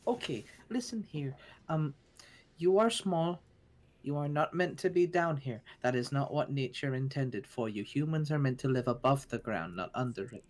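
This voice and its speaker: Low-voiced woman role-playing a paladin. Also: animated, normal speed. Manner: gentle, reassuring, with frequent fillers. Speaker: player. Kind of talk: in-character tabletop role-play.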